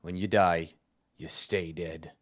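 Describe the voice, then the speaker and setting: A man's voice: low-pitched, fairly even intonation, takes it slowly, pitched below the performer's own voice. A man doing a grumpy sarcastic dwarf soldier. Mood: weary. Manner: gruff, weary, sighing, sarcastic. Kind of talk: tabletop role-play voicing.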